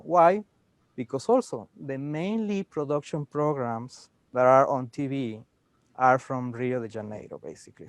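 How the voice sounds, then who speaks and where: Casting: man on a panel, mid-pitched, dry close mic, many "you know"s. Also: dry recording. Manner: explanatory, frequent "you know" fillers. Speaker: dubbing studio head. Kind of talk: panel discussion.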